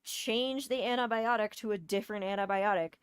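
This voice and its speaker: A woman's voice: medium pitch, brisk, clean tone, no echo, clean studio sound. A woman telling a personal story in a casual, exasperated rant, swearing often and hitting key words hard. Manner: exasperated, profane, emphatic.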